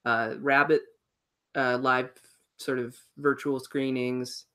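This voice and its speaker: A woman's voice: rumbling low, level tone, slow, fairly bright tone. A middle-aged woman co-hosting a casual podcast livestream, easygoing as she runs the announcements. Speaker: podcast co-host. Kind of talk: casual chat.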